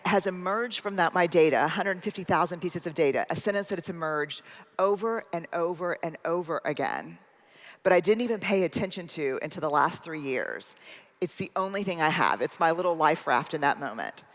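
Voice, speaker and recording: A woman giving a keynote talk, telling a personal story and acting out both sides of a conversation. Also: on the low side. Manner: animated storyteller acting out dialogue. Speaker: speaker. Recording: long hall reverb.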